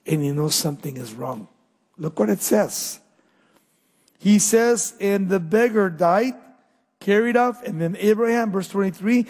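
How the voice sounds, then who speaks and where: A male pastor preaching a sermon, asking the crowd questions and answering them with emphatic, drawn-out pauses. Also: sits high, in a large hall.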